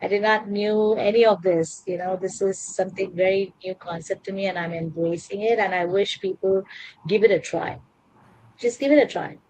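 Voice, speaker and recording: A woman's voice: mid-range voice, fairly even intonation, normal speed, a little mellow, rough recording. Earnest woman chatting on a podcast. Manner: earnest, with many fillers and restarts. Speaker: podcast co-host. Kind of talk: casual chat.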